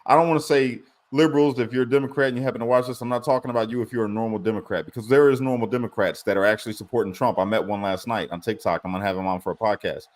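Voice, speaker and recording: Man, podcast host, laid-back storyteller, tired, swears a lot, mid pitch. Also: fairly even intonation, rapid-fire, hardly any pauses. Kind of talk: casual storytelling chat.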